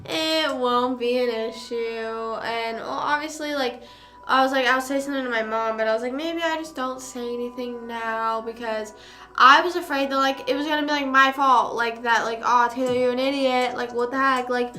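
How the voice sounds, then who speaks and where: A woman's voice: a little high, steady tone, moderate pace, sharp tone, faint music behind. A young woman streamer casually telling a story, rambling with lots of fillers and casual swearing.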